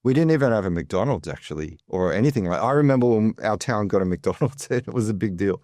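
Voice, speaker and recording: This is an Australian man with a fairly low voice, talking casually as a guest on an interview show. He rambles a little and leans on fillers as he tells his story. The sound is dry and close, with no room echo. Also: lively intonation, fast talker, darkish tone. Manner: chatty, digressive, many fillers. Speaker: guest, financial advisor.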